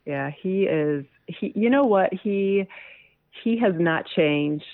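Over a tinny, dry, phone-like line, a thirties-aged woman guest in a casual interview chats through her stories and laughs a lot. Her fairly low voice is expressive and she takes it slowly.

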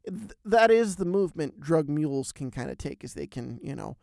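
A man hosting a podcast, telling a travel story in a lively, animated way with big swings in pitch and loudness. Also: normal speed, creaky, no echo, clean studio sound. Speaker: podcast host. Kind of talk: casual storytelling chat.

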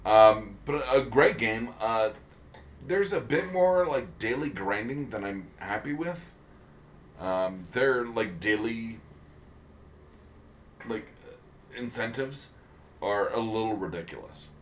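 A man's voice: fairly low pitch, takes it slowly, long pauses, slight background noise. A man co-hosting a casual podcast chat, rambling with many ums and restarts. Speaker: podcast co-host.

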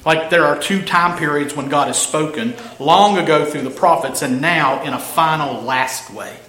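A man preaching an expository sermon, emphatic, slowing down to stress key phrases. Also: a little high, bright, forceful tone. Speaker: pastor. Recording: echoey room with faint ambience.

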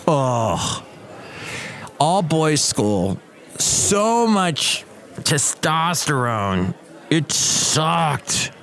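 A man's voice: fairly high pitch, big pitch swings, drawn-out words, vocal fry, a bit bright. A man in his fifties from Southern California, hosting a podcast and rambling through casual stories with many asides. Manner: rambling, digressive storytelling with asides. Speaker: podcast host. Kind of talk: casual monologue.

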